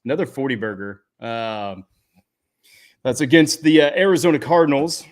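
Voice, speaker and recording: A man co-hosting a fantasy football podcast, laid-back and unhurried, with lots of filler words. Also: medium pitch, expressive. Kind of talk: casual sports chat.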